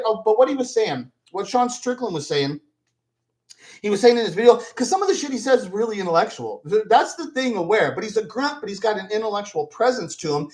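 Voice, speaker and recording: A man's voice: sits high, rough recording. A man hosting a commentary channel, ranting in a scornful, rambling way full of swearing.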